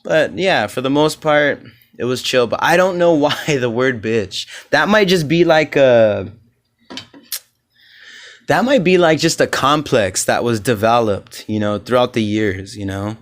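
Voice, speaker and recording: A man's voice: medium pitch, expressive, a little slow. A man hosting his own comedy podcast alone, telling stories casually in a loose, profane, rambling way and acting out the voices of the people he quotes. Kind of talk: casual solo podcast chat.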